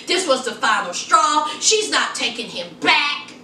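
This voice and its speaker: Sassy high-voiced woman gossiping. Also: sing-song, unhurried, pushed and bright, distant mic, a little hiss or hum. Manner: sassy, gossipy, teasing, calls viewers "child" and "honey". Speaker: reality TV reviewer. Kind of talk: casual TV recap vlog. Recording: echoey room, mic set back.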